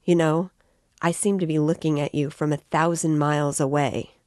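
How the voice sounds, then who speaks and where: Woman reader voicing a brooding young man, bitter, scornful, slow muttered thoughts, dry close sound. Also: deep voice, steady tone, a little mellow, no room sound, lightly acted. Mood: listless.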